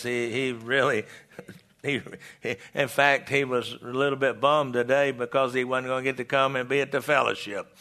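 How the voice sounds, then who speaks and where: A man's voice: mid-range voice, bright, forceful tone. An older man preaching a folksy sermon in a church, stumbling into restarts and tossing out call-and-response asides to the congregation. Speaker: pastor.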